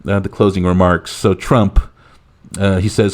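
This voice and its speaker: A man's voice: low voice, measured pace. A man hosting a movie podcast, talking casually and loosely with many fillers. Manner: relaxed, frequent uh fillers. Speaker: podcast host.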